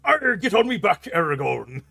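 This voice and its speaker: A man's voice: sits high, sing-song, moderate pace, gravelly, pushed and bright, voice pushed up, full character voice. A man putting on a rowdy pirate dragon. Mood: boisterous.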